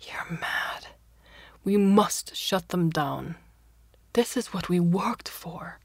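A woman's voice: on the low side, animated, slow pace, breathy edge, no room sound, in a whisper, clean studio sound, full character voice. A woman reading a blunt, alarmed male scientist. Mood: urgent.

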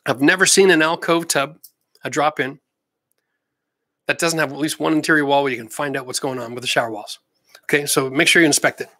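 Brief: middle-aged Canadian male host, talks through viewer questions in a bright, slightly high voice, easygoing and jokey. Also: steady tone, fairly quick, long pauses, no echo, studio quality. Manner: chatty, practical, jokey asides. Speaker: host answering live chat questions. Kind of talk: casual livestream chat.

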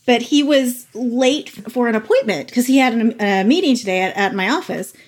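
Higher-pitched woman telling a story. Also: normal speed. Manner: animated storyteller, acting out quotes, swears freely. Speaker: podcast co-host. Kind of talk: casual chat.

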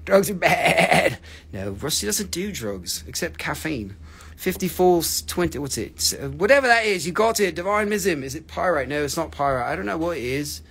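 A man's voice: on the high side, big pitch swings, moderate pace, a bit bright, slightly rough. Joking, foul-mouthed man hosting a crystal sale. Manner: joking, teasing, swears freely. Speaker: host selling crystals on a livestream. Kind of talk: casual live sales chat.

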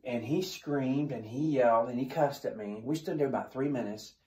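A man's voice: mid-range voice, normal speed, a little mellow. A male defensive tactics instructor telling a story as a lesson, plain-spoken, asking questions and answering them himself. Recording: echoey room.

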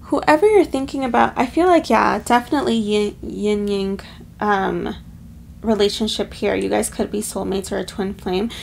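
A woman's voice: mid-range voice, normal speed, vocal fry, a little hiss or hum. A woman giving a heartfelt tarot card reading, slightly choked up with emotion and calling her viewers her loves. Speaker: tarot reader.

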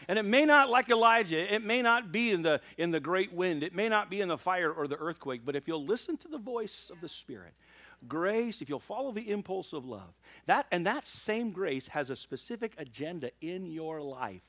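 A male pastor delivering a sermon, with a voice that sits a little high for a man and swings widely in pitch. He tells stories with humor and laughter, then preaches with earnest emphasis. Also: moderate pace. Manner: animated, laughing storyteller turning to earnest preaching. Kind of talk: sermon with humorous personal storytelling.

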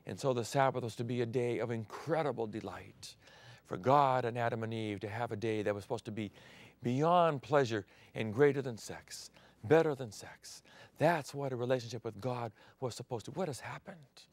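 A middle-aged man who grew up in Thailand, preaching a sermon with sudden swings from loud declaring to near-whispers. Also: medium pitch, moderate pace, dry recording. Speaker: pastor.

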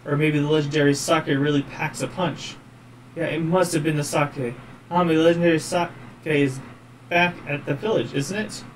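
A man's voice: a little high, steady tone, moderate pace, distant mic, slight background noise, close to an everyday voice, rough recording. A man voicing a tiny, cocky male sprite who talks in a brash, wisecracking way. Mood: chatty.

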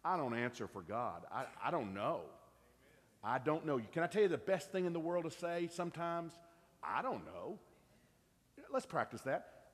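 A man's voice: a little high, very animated, normal speed, husky, big-room sound. A middle-aged man, preaching an earnest, conversational sermon and asking his congregation questions. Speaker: pastor. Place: church sanctuary.

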